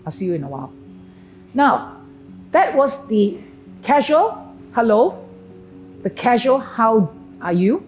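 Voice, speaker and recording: A woman's voice: on the high side, big pitch swings, darkish tone, faint music behind, low-quality recording. Poised woman teaching polite greetings. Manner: clear, deliberate, instructive, stretches key phrases slowly. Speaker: etiquette and grooming trainer. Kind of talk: presenting a lesson on camera.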